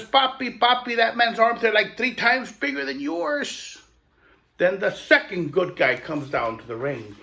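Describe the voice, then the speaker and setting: A man with a fairly high voice telling a children's story aloud. His delivery is lively and expressive, with playful asides to the listener. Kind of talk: oral storytelling.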